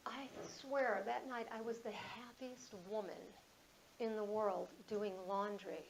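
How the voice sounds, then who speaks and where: A motivational speaker in her fifties tells a personal story to an audience, with a gravelly, fry-laden voice that sits a little high. She is conversational and animated, and slips into the voices of the people in her story. A faint hiss runs underneath. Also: slow pace, rough recording. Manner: conversational, animated, acts out dialogue.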